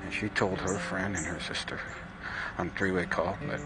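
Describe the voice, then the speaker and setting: A man delivering a mournful, halting comedy monologue as a radio host. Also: low-pitched, flat delivery, loud music behind the voice.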